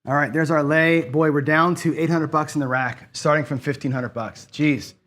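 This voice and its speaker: A man's slightly high, slightly bright voice stays steady at a normal speed, with a little hiss or hum present. Hosting a live online craps game, he talks to viewers in casual commentary, swearing and frustrated as he loses.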